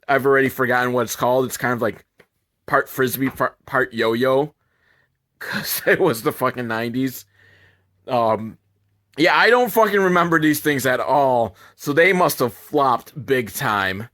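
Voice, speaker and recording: A man's voice: medium pitch, a bit bright. A man doing a sarcastic, profane comedic movie recap as a reviewer.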